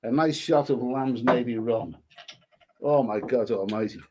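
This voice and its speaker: A man's voice: medium pitch, unhurried, a little mellow, a little hiss or hum. A man with a cold, rambling casually as a travel vlogger reading out viewer comments, with many restarts. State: stuffy with a cold. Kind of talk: casual live-stream chat.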